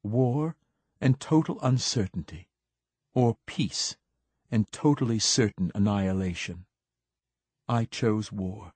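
A man reading the part of a cold, commanding older woman leader, speaking soft and measured. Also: on the low side, breathy edge, no echo. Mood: hushed. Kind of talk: audiobook character reading.

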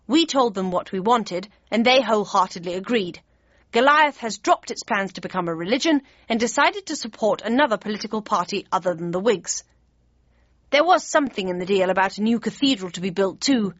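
A woman voicing a cheerful, forgiving grown man in a storybook reading, talking briskly and brightly. The sound is a little dull and muffled, and dry with no room around it. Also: high-pitched, animated, dry recording. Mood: explaining.

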